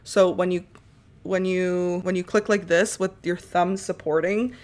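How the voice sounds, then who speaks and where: A young woman talks through a mobile game in a relaxed, chatty way, narrating each step as she goes. Now and then she breaks into loud, laughing outbursts. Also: lowish voice, measured pace. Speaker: gaming YouTuber. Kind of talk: casual gameplay commentary.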